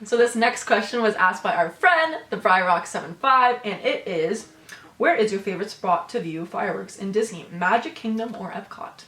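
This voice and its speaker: Relaxed young woman, echoey room. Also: medium pitch, normal speed, far from the mic. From Canada. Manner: friendly, filler-heavy, relaxed. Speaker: channel co-host. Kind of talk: casual Q&A chat. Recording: roomy echo.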